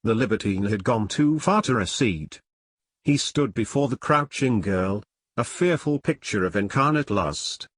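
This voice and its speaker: A man's voice: lowish voice, expressive, unhurried, no room sound, studio quality. Man reading an old novel aloud. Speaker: narrator.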